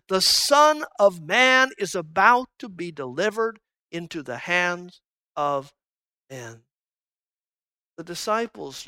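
A preacher delivering a sermon at an unhurried, deliberate pace, dwelling on each phrase. The voice is bright and forward, and it sits close and dry with no room around it. Key words come back again and again, with the delivery rising strongly and then dropping almost to a murmur. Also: medium pitch, no room sound. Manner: emphatic, repeating key phrases, swinging between loud and hushed.

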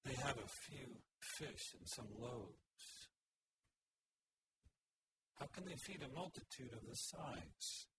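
A man's voice: mid-range voice, sing-song, slow, pauses often. A man preaching an earnest, expository sermon. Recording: hissy recording.

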